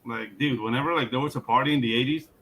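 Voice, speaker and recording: A man's voice: medium pitch, fast talker, a bit bright, poor audio. A man, chatting in a laid-back way full of "like" and "dude". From Panama. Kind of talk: casual chat.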